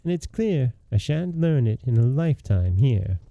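A man reading aloud and voicing a fearless, cheerful young man in a storybook, with a slightly gravelly voice. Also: medium pitch, very animated, normal speed, mellow, dry recording, lo-fi sound. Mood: cheeky.

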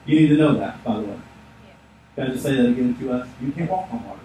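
A male pastor preaching a sermon in a lively, joking storytelling manner. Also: mid-range voice, quick pace, slight background noise. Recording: echoey room, distant mic.

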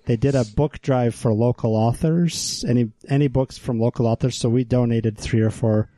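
An American man tells a relaxed, self-effacing story on a podcast. His voice is warm and relaxed. The sound is dry, with no room reverb. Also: medium pitch, normal speed. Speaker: podcast co-host. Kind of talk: casual anecdote.

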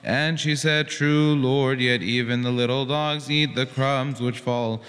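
Man, gospel reader, reverent even reading, long church echo. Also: medium pitch, unhurried, soft background music. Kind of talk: scripture reading.

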